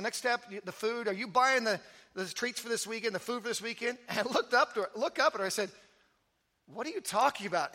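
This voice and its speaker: A man preaching a sermon as pastor, telling stories with energy and then dropping to soft, intimate emphasis. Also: very high-pitched. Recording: long hall reverb.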